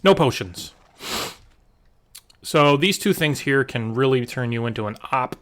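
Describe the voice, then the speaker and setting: A man's voice: mid-range voice, animated, a little slow, fairly bright tone. Guy rambling through his game, lots of ums and restarts, easygoing medium voice. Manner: chatty, rambling with fillers and restarts. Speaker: gaming channel host. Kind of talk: casual let's-play commentary.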